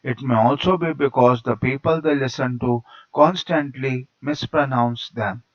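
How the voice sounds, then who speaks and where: This man reads a teaching lesson aloud at a steady, measured pace. His voice sits at a middle pitch for a man. The recording is dull and lo-fi. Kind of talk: read-aloud lecture narration.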